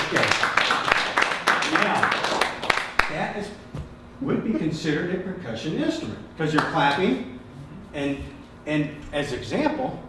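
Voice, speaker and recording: A slightly high-voiced man runs a hands-on drum lesson, his pitch rising and falling a lot as he encourages the group. He sounds far from the mic. The room is echoey and there is steady background noise. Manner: encouraging, asks the group questions, repeats praise. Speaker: drum workshop leader.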